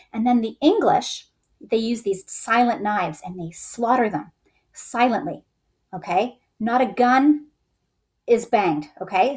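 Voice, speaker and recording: A woman's voice: fairly high pitch, darkish tone. A woman teaching history in a casual storytelling way, acting out quoted soldiers in raised voices.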